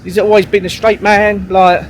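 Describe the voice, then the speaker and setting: A man's voice: high voice, flat delivery, moderate pace, a little hiss or hum. Rambling, sweary man. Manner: rambling, sweary, full of fillers and restarts. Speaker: vlogger. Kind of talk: casual storytelling monologue.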